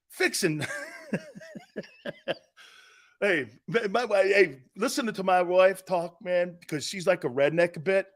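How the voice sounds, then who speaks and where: A middle-aged man with an East Coast American accent, hosting a sports talk show in brash, loud, joking banter. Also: high-pitched, measured pace. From Northeastern United States. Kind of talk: casual live show banter.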